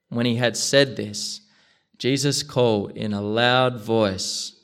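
A man reads scripture aloud at an ordinary middle pitch. His delivery is steady and measured, unhurried from line to line. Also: clean tone. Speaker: scripture reader. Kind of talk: scripture reading.

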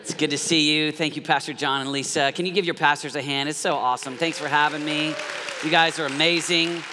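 Energetic man preaching in a reverberant hall. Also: a little high, brisk, crowd noise, background noise. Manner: energetic, calls for congregation responses. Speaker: guest pastor. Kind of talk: sermon. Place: church hall.

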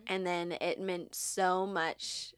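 A young woman, co-hosting a podcast, who talks openly, laughs often and grows animated when retelling events. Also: fairly low pitch, slow pace, clear, resonant tone. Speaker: podcast co-host. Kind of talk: candid conversation.

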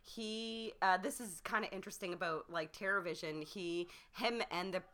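A woman's voice: mid-range voice, normal speed, a bit bright. A woman co-hosting a podcast in casual chat, rambling with lots of fillers. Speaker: podcast co-host.

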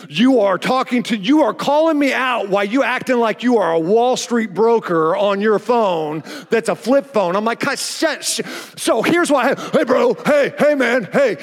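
A pastor with an Oklahoma accent preaching a sermon, telling a story with animated delivery and acting out the exchanges himself. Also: male voice, high-pitched, big-room sound. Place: church auditorium.

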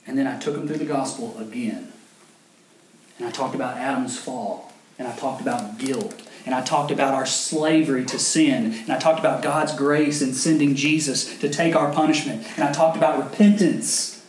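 A man's voice: on the high side, fairly quick. A male pastor preaching a sermon, telling a story and rising to fervent emphasis. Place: church sanctuary. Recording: echoey church hall with faint noise.

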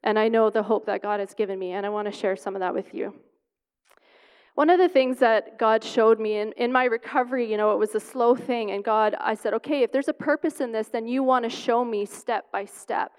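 A woman's voice: fairly high pitch, fairly quick, smooth. A woman sharing a personal faith testimony in an earnest, conversational way, with light laughs. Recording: long hall reverb.

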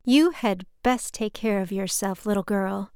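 A woman's voice: medium pitch, unhurried, a little mellow, smooth, no echo, studio quality, natural voice. A woman doing her bossy older mother. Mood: scolding. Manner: bossy and theatrical, curses freely. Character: blunt, dramatic older mother leaving town.

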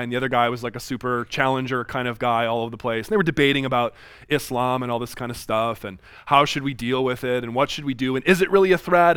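A man in his thirties giving a classroom lecture, reading scripture aloud and acting out quoted dialogue with lively swings in voice. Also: medium pitch, clear, resonant tone, no echo, studio quality. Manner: animated, acts out quoted dialogue.

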